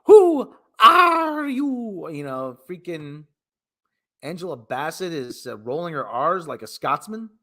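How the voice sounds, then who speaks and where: A man hosts his own show in a casual movie review, with a high voice. His pitch rises and falls with lively swings as he rambles. He is sarcastic and full of wisecracks. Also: unhurried. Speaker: host.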